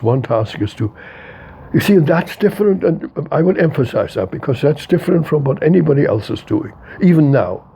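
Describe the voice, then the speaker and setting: This is an interviewee and philosopher in his eighties, speaking reflectively with emphatic repetition and letting his emotion show openly. His mid-range voice has a dark tone, and the recording carries a little hiss or hum.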